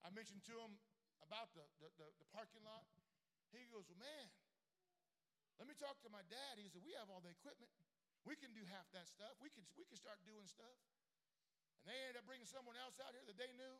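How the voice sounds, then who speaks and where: A man preaching a sermon as pastor, moving from quiet storytelling to shouted, fervent preaching. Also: sits high.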